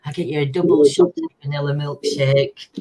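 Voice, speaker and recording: A woman's voice: low voice, animated, unhurried, warm tone, a little hiss or hum. A woman hosting a casual late-night chat, giggly and hyper, telling rambling stories. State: sugar-hyper and giddy. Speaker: livestream host.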